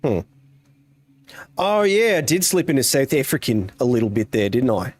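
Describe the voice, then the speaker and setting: A man's voice: mid-range voice, sing-song, moderate pace, a little mellow, no room sound. A man in his thirties giving playful, jokey live commentary while streaming a game. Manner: playful, jokey, slips into silly voices and exclamations. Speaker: gaming streamer.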